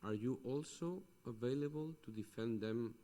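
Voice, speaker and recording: A man's voice: medium pitch, moderate pace, warm tone. Hesitant man asking a question. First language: not English. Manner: hesitant, searching for words. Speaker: audience member asking a question.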